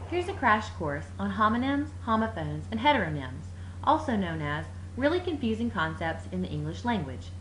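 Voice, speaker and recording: A woman walks through a lesson on confusing words, her pitch leaping up and down as she stresses each example. The recording sounds roomy, with a faint hiss behind her. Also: moderate pace. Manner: lively, playful emphasis on words. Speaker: teacher. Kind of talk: animated explainer narration.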